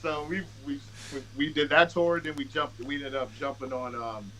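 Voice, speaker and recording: A man with a bright, forward voice spins loose, profane stories as a podcast guest, often restarting mid-sentence and slipping into quoted dialogue. His talk is casual and unpolished, full of fillers, with a faint hiss of background noise. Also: mid-range voice, normal speed, low-quality recording. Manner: restarts and filler-heavy delivery. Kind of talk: casual storytelling.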